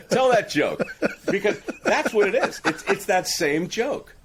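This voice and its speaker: A man's voice: sits high, very animated, slow, a little hiss or hum. A man hosting a podcast, talking emphatically and laughing often in casual conversation. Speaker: podcast host.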